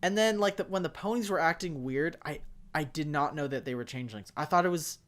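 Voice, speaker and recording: A young man co-hosting a casual fan discussion, talking in an excitable, rambling way full of fillers and sudden bursts of enthusiasm. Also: on the high side, fairly quick. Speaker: podcast co-host.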